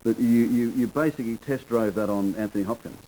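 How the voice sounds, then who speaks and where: Brisk Australian TV talk show host. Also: male voice, mid-range voice, mellow, slight background noise, poor audio. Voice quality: brisk, probing questions with frequent restarts. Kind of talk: TV interview.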